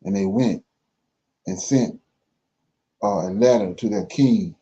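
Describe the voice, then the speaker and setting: A man reading scripture aloud for a Bible study, slow and careful, pausing and correcting himself as he goes. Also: fairly low pitch, dark tone, highs cut off.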